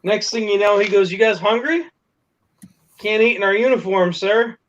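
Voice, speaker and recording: High-voiced man telling a casual story. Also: steady tone, a little fast. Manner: laughing, swearing, acts out quotes. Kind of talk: casual storytelling among friends. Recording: dull lo-fi recording with faint noise.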